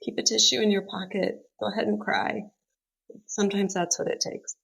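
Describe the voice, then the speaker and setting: A woman's voice: medium pitch, moderate pace, gravelly, slightly rough, rough recording. Earnest middle-aged woman telling a story. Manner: earnest and open, lively when retelling. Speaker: podcast guest. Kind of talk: heartfelt personal storytelling.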